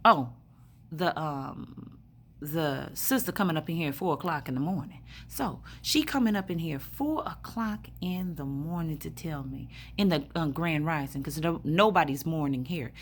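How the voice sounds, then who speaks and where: A woman's voice: sits low, animated, moderate pace, slight background noise. A woman in a hospital room telling a rambling story in a blunt, profane way, full of fillers. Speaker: spiritual vlogger. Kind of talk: casual storytelling monologue.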